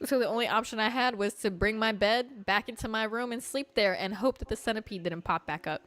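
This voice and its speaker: A young woman hosting a casual livestream, telling stories in an animated, chatty way full of fillers and swearing. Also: on the high side, a little fast, soft background music. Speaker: livestream host.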